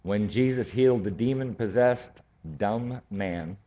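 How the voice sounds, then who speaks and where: A man teaching a Bible study class, speaking slowly and deliberately and building to emphatic points. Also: fairly low pitch, mellow. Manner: slow, deliberate, rising to emphatic. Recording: dull lo-fi recording.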